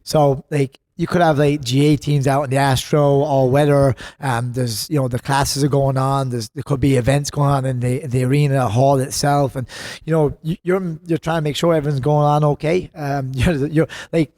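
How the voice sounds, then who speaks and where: Irish guy in his thirties, podcast guest, chatty rambling storyteller, mid-pitched voice. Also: steady tone, normal speed, few pauses, a little mellow, dry recording, studio quality. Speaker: podcast guest, gym co-owner. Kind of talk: casual podcast chat.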